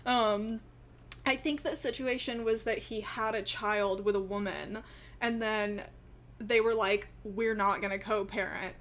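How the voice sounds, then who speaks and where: A woman's voice: fairly high pitch, fairly even intonation, measured pace, a bit bright. A young woman from Texas telling a family story in a casual vlog, rambling and giggling often. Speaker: vlogger.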